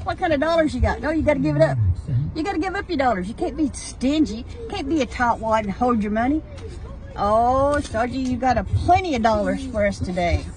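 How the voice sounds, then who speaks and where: A woman's voice: sits high, expressive, a little fast. A woman in her car at a drive-thru, chatting playfully with her dog in a teasing sing-song way. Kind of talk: casual chat to her dog. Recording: loud music playing behind.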